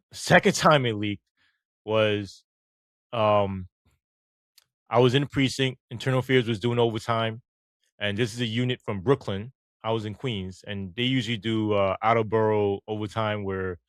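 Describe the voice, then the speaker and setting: Animated New man telling stories. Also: on the low side, no echo. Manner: animated, acts out quoted dialogue, swears casually. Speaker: guest, former police officer. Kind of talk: storytelling interview.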